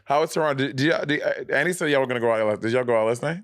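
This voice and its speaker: A man in his thirties co-hosting a podcast, chatting casually with animated, quick reactions. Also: medium pitch, no echo, studio quality. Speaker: podcast co-host. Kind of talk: casual chat.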